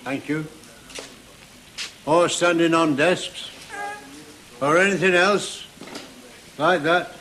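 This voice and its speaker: A man's voice: on the high side, slow pace, pauses often, background noise. An actor playing an officious male caretaker who enforces building rules. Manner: flat, officious. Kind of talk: 1970s television drama acting.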